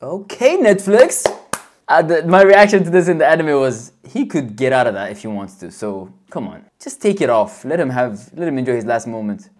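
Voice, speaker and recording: A man hosting his own channel, giving casual, excitable fan reaction commentary with loud cheering outbursts. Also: mid-range voice, normal speed.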